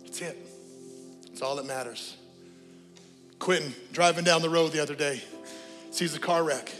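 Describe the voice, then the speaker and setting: A man preaching a sermon as pastor, telling lively stories and then leading a quiet prayer and altar call in a church. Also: on the high side, normal speed, in a large hall, over music. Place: church sanctuary.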